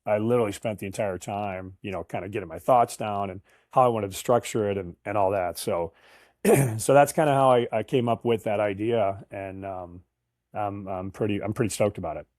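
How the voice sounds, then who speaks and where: A man's voice: lowish voice, moderate pace, darkish tone, no room sound, studio quality. A man in his fifties, a guest in an interview, telling chatty anecdotes with frequent laughs and restarts. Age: 50s. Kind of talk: casual interview storytelling.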